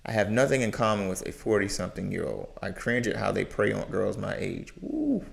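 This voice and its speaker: A man's voice: fairly low pitch, brisk, vocal fry. A man giving live reaction commentary, exclaiming and offering advice. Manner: animated, exclaiming, preachy asides. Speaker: reaction streamer.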